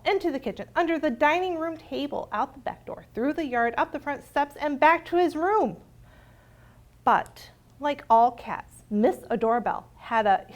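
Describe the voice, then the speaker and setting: A woman children's librarian reading a picture book aloud, expressive and sing-song as she talks to young listeners. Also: high voice.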